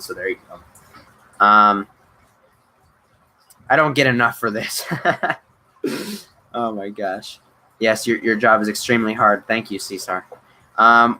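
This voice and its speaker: Bright-voiced man chatting on a livestream. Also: on the low side, slight background noise, poor audio. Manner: eager and chatty, many ums and restarts. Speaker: livestream host answering chat questions. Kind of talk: casual livestream Q&A.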